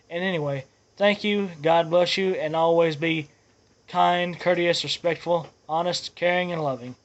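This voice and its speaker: Man, slightly high voice, earnest, rambling vlog host, dull lo-fi recording. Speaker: channel host. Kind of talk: casual vlog update.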